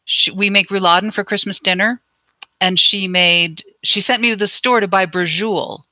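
Woman from New Jersey, guest author, bright tone, close dry mic, easygoing storyteller. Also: medium pitch, normal speed, dry recording, low-quality recording. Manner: relaxed, chatty storyteller. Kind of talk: casual interview chat.

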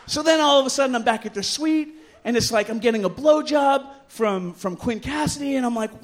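On a bar stage, a middle-aged man tells a raunchy story live, lively and poking fun at himself, and he leaps into loud, high-pitched voices whenever he quotes other people. His pace is moderate, with some chatter audible in the background.

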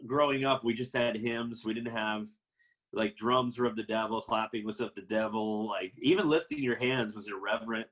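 A man's voice: on the low side, fairly even intonation, moderate pace, a bit bright, low-quality recording. A man telling his personal faith testimony in a casual, rambling way, full of fillers and restarts, laughing now and then at himself.

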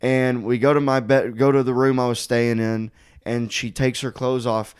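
Man, podcast host, casual crude banter, big laughs, mid-pitched voice. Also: moderate pace, clear, resonant tone. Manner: crude, laughs loudly, animated storytelling. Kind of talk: casual chat.

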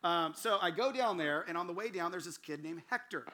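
A man's voice: high voice, expressive, fairly quick, bright, forceful tone. A gregarious, outgoing man preaching a sermon series, telling stories and acting out the voices of the people in them. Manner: storytelling, acts out quoted voices.

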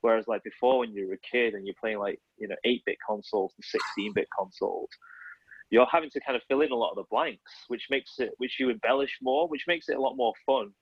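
Illustrator, 30s, husky voice; rambling conversational podcast guest, dry close sound. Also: male voice, mid-range voice, fast talker, no room sound, highs cut off. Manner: rambling, lots of fillers and self-corrections.

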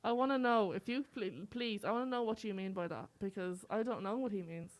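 A woman's voice: mid-range voice, brisk. Rambling young woman, casual. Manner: loose, rambling, filler-heavy talk. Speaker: podcast co-host. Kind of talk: casual chat.

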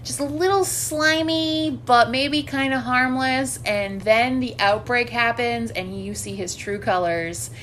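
Casual podcast co-host, woman with a higher voice, animated, swears freely, faint noise in the background. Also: unhurried, few pauses. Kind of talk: casual chat recapping a movie.

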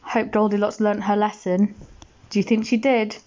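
A woman reading a bedtime story aloud, gentle and expressive, asking the listener questions. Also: medium pitch, moderate pace, muffled recording.

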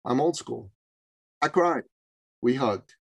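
A man from Canada telling a story as a guest on a podcast, in an animated and emphatic way. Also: mid-range voice, slow pace, creaky, breathy edge, no echo, dull audio. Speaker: podcast guest, business coach. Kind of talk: interview storytelling.

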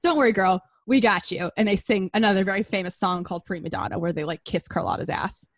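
A woman retelling a story in a playful, slangy way, putting on quick casual voices for the characters. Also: medium pitch, dry recording. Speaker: storyteller recapping a musical.

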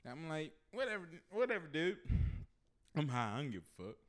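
Lively slangy man telling a story. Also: fairly high pitch, a little fast. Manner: animated, profane, slangy, acts out quoted voices. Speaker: podcast co-host. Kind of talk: casual storytelling chat.

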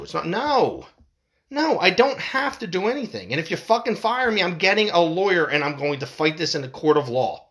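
Fired up guy ranting at his viewers, swears a lot, voice swings all over, kinda high. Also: expressive, moderate pace, a bit bright. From United States. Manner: fired up, swearing, repeating phrases. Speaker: vlogger. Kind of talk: heated monologue to viewers.

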